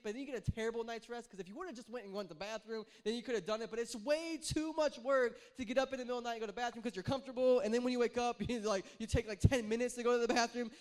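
Joking and spinning lively stories, a young man who is a pastor delivers a sermon in a conversational style. His voice is very high-pitched.

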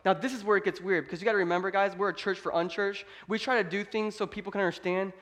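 A pastor delivers his sermon in a high, light male voice. He preaches emphatically but keeps it conversational, like he is talking straight to his congregation. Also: fairly even intonation, fast, fairly bright tone. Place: church.

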